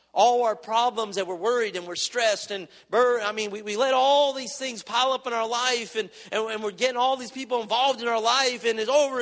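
High-voiced preacher in an echoing hall. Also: male voice, a bit bright. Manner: impassioned, rising and dropping in volume, acting out prayers. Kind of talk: sermon.

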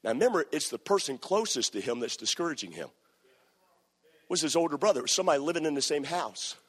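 Animated preacher in an echoey hall. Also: male voice, on the high side, brisk, husky. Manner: animated, playful, acts out scenes. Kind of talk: sermon.

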